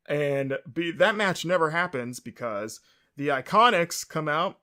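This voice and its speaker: A man's voice: fairly high pitch, sing-song, measured pace, sharp tone. Rambling man recapping a show. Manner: rambling, many fillers and self-corrections. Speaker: podcast host. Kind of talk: casual solo show recap.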